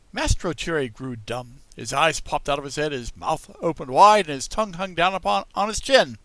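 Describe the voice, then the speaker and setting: A man narrating a classic children's story in an expressive storybook style, talking to young listeners. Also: on the high side, brisk, no echo. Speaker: audiobook reader.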